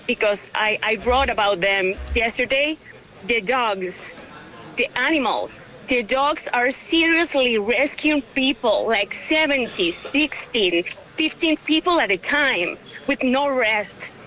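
A tearful woman in her thirties from Venezuela speaks in a high, bright, tense voice. She stumbles through restarts and repeated words, clearly overwhelmed as she answers an interviewer. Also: rough recording. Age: 30s. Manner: halting, full of restarts and repeats. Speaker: interview guest.

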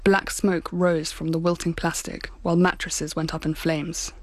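A woman's voice: low-pitched, level tone, dry recording. Grave woman journalist narrating, dry sound. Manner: measured, grave first-person reporting. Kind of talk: scripted documentary narration.

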